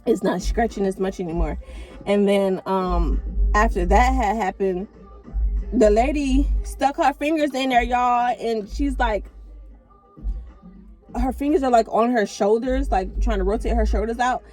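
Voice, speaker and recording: A woman's voice: a little high, a little mellow, low-quality recording. A young woman vlogger telling a candid, chatty storytime straight to her viewers, often calling them "y'all". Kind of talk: casual storytime to camera.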